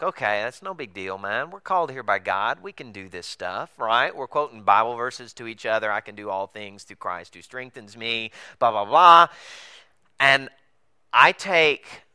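A man's voice: mid-range voice, bright, forceful tone, clean tone, dry recording. A man telling a funny mission-trip story as a sermon, acting out the voices of people and laughing as he goes.

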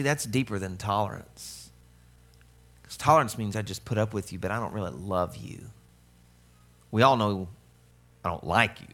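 A man's voice: fairly low pitch, fairly bright tone. A middle-aged man preaching a sermon as pastor, conversational and humorous, with playful asides.

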